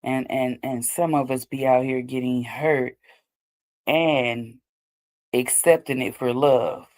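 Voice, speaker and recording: A woman's voice: rumbling low, fairly even intonation, slow, a little mellow. A woman hosting a show, talking casually and loosely about healing after heartbreak, often asking "you know what I'm saying". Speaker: host. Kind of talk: casual advice talk.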